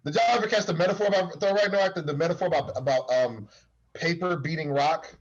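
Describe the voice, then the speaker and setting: A man's voice: fairly high pitch, quick pace. A man co-hosting a casual podcast, retelling scenes with slang and frequent laughter. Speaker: podcast co-host. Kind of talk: casual chat. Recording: dull lo-fi sound.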